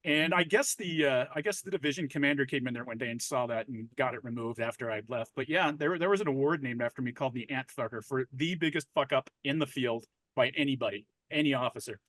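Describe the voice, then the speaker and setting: Fast-talking, profane army veteran man. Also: mid-range voice, fairly bright tone, dry recording. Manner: blunt and profane, with quick joking asides. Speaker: retired army officer. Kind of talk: casual conversation.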